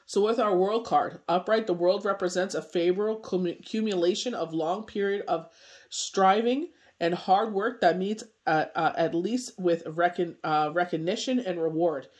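A man with a high voice speaks at a normal speed while reading tarot cards. A tarot reader and medium, he gives a casual spoken forecast, rambling loosely and using plenty of fillers.

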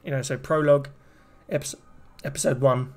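A gaming streamer chats casually and rambles to his viewers while playing a horror game, talking straight to chat as game music plays behind him. His voice sits in the mid-range, a little mellow, with fairly even intonation and a moderate pace.

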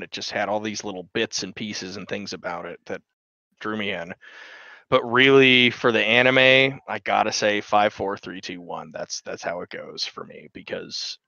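A man's voice: on the low side, gravelly, pushed and bright, no room sound, muffled recording. A man co-hosting a casual podcast, chatty and eager, often trailing off and restarting his sentences. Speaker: podcast co-host.

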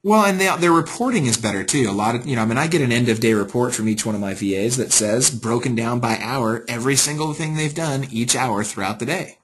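Husky-voiced man talking business. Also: medium pitch. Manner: easygoing, salesy, quick to agree. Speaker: interview guest, staffing company owner. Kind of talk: casual business interview.

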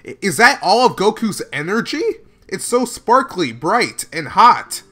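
Excitable high-voiced man reacting. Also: unhurried. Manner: excitable, bursting into exclamations and laughs; slangy, casual filler talk. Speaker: reaction video host. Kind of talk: live reaction commentary.

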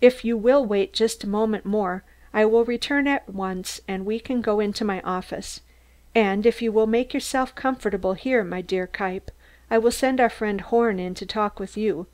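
A woman's voice: mid-range voice, moderate pace, a little mellow, lightly acted. A woman reading the part of a friendly male host, a police chief, in a cordial and welcoming tone.

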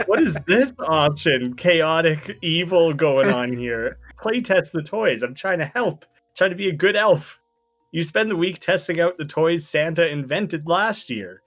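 Playful high-voiced man joking. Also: animated, unhurried, fairly bright tone. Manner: playful, jokey asides with laughs. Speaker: guest player. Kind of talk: casual group gaming chat.

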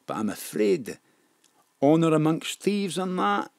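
An actor playing a secretive, wistful male informant who speaks slowly and quietly, recorded in a home studio. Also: on the high side, sing-song, dry recording. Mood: wary. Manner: slow, hushed, wistful. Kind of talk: live-streamed audio drama acting. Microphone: home studio mic. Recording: dry home studio sound.

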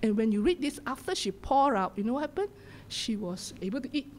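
A middle-aged woman pastor with a Singaporean English accent preaching a sermon in a church, swinging from loud exhortation to hushed whispers. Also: on the high side, big pitch swings, fairly quick, slight background noise. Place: church sanctuary.

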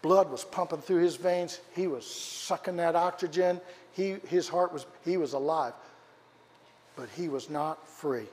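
High-voiced pastor preaching in a reverberant church. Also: male voice, unhurried. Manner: dramatic storytelling, rising for quoted shouts and dropping low for emphasis; asks questions of the congregation. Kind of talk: sermon. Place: church sanctuary. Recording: church hall with long reverb.

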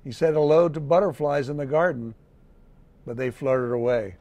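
A man, a city mayor, reading a children's picture book aloud in a gentle storytelling manner. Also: on the high side, a little hiss or hum. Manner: gentle, slow storytelling with lively read-aloud voices.

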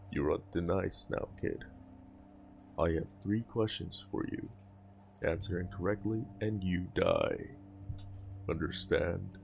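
A man voicing a boastful century-old male demon in a deeper, taunting put-on voice for a video game. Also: expressive, slow, creaky, long pauses, a little hiss or hum, full character voice. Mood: menacing.

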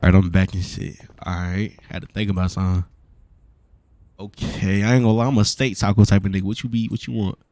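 A young man with a New York accent, slangy and relaxed, roleplaying a date while sounding sick and stuffy. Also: on the low side, quick pace, no room sound. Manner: slangy, repeats "you feel me". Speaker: streamer playing a character. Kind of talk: casual roleplay chat.

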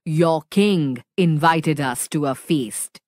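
Woman voicing a deep booming alien monster. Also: slow pace, a little mellow, no room sound, clean studio sound. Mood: firm. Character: big kind alien monster, male, booming.

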